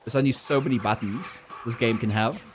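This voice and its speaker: A man streaming a game with casual commentary, reacting loudly and laughing while chatting with viewers. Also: mid-range voice, a little fast, a little hiss or hum.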